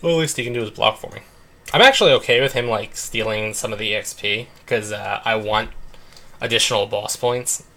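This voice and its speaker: Young man, bright voice, casual gaming chat, rambling, lots of filler words, home desk mic. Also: fairly low pitch, brisk. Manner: rambling, full of "like" and "um". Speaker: let's play host.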